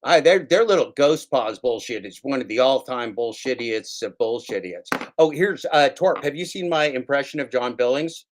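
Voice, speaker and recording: A man's voice: medium pitch, animated, moderate pace, few pauses, background noise. A man hosting a casual livestream, ranting sarcastically with plenty of swearing and repeating his own lines for effect. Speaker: livestream host.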